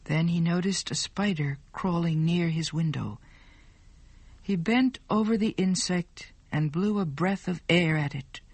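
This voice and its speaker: Woman, storybook narrator, very slow, clear, dry recording. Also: lowish voice, a little mellow, no room sound.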